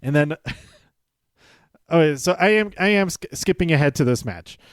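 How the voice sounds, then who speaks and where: A man's voice: on the high side, lively intonation, normal speed, smooth, no room sound, clean studio sound. A male podcast host chatting casually through a show recap, chuckling and stumbling over his words as he goes. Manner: chatty, self-interrupting, chuckles often; acts out quoted lines in livelier voices.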